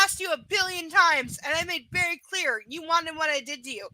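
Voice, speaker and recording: Woman host of a live reading, heated and foul-mouthed, high bright voice. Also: normal speed, dry recording, rough recording. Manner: heated, profane ranting. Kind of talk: live book reading with commentary.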